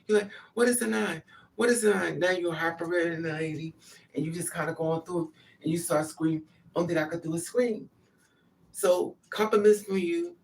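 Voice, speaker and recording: A woman's voice: on the low side, a little mellow, far from the mic. A grieving mother giving an impassioned, repetitive spoken monologue. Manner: impassioned, repetitive, acts out pleading quotes.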